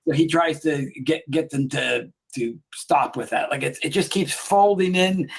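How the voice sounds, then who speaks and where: A man's voice: on the high side, expressive, measured pace, vocal fry, slightly rough. A man co-hosting a casual chat who rambles through a comedy retelling, laughing often and acting out the lines. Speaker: podcast co-host.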